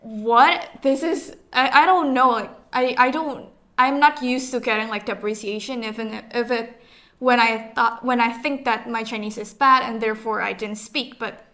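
A young woman, a university student guest, chatting on a podcast in a relaxed, casual way with "like" fillers. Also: on the high side, moderate pace. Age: young adult.

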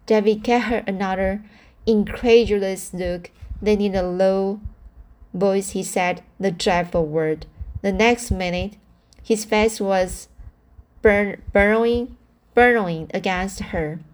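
A woman reading a novel aloud, careful and measured, often stumbling and correcting her words. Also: mid-range voice, fairly even intonation, a little mellow. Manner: careful reading with frequent slips and self-corrections. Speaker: audiobook reader.

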